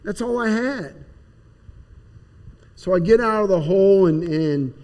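A man's voice: sits high, animated, a little slow, darkish tone. A man plainly and earnestly telling his personal testimony. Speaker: speaker giving personal testimony. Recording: long hall reverb.

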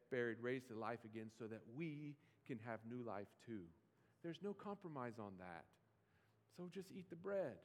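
A man preaching a sermon as pastor, in a conversational style with playful mock pleading asides. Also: medium pitch. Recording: long hall reverb.

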